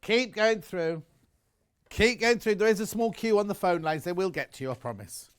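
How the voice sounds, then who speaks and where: A man's voice: sits high, expressive, normal speed, clean tone. A man presenting on a live shopping channel, chatty and enthusiastic, rambling into personal asides between prices.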